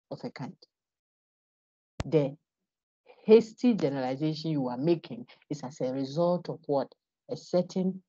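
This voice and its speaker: A woman's voice: deep voice, dark tone, breathy edge, dry recording. A woman giving an online lecture, emphatic and posing rhetorical questions to her class. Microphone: computer microphone on a video call. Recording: dull, lo-fi online call audio.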